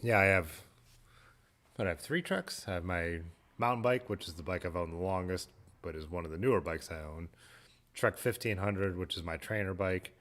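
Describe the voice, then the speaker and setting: A man with a low, somewhat bright voice hosts a casual livestream at normal speed. He reads viewer comments aloud and chats in a laid-back, rambling way.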